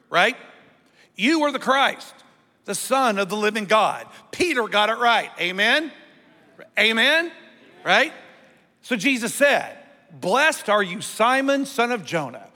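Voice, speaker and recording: A man preaching to his congregation in a high, bright voice, drawing call-and-response from them as he goes. His sermon rings through a hall with a long reverb. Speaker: pastor.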